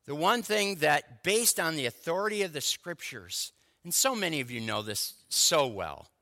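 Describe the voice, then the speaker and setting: A male pastor delivers his sermon in a bright, animated voice that moves a lot in pitch. He speaks slowly, with deliberate emphasis, and his words ring out with a long hall reverb around them. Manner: animated preaching with slow emphatic stresses. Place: church sanctuary.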